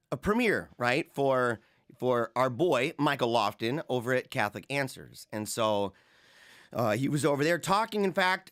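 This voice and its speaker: A man's voice: medium pitch, fairly bright tone. A man hosting a livestream show, chatting casually, rambling, mocking and laughing often as he reads viewer comments. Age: adult, married with young children.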